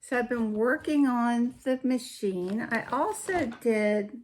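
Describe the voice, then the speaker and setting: A woman with a slightly high voice hosts a homely crafting show-and-tell. She talks very slowly and chattily, often trailing off mid-sentence and then picking the thought back up. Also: animated, a little mellow, a little hiss or hum. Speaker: podcast host.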